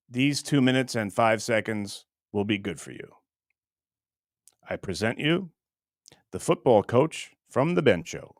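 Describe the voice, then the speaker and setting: A middle-aged man chatting casually on his livestream, crude and rambling as he jokes with his viewers. His pitch swings around a lot, and the sound is dry and close, with no room echo. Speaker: livestream host.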